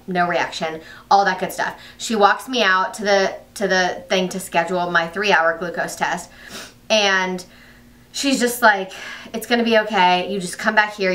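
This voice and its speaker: A young woman talks through a personal story on her vlog, chatty and loose, filling it with "like" and quoted asides. Her voice sits a little low but sounds bright and forward. The mic is set a short way off. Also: far from the mic. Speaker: vlogger.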